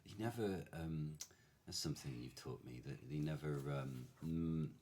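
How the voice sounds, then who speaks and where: A man chatting in a podcast discussion, enthusiastic and quick to agree. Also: very deep voice, expressive, a little mellow, slight background noise. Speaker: actor guest.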